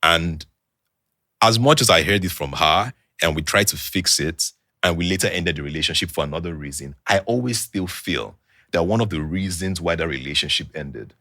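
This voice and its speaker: Man, Nigerian English accent, young adult, podcast guest, animated storyteller, very low voice, dry close sound. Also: normal speed, dry recording. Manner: animated storyteller who acts out quoted dialogue. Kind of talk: casual storytelling chat.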